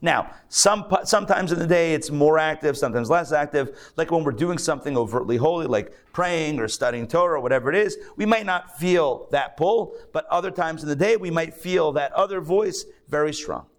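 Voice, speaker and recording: A man's voice: fairly high pitch, moderate pace, few pauses. A man, a rabbi, giving a conversational, joking lecture to a live class, thinking aloud and restarting his sentences. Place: synagogue class.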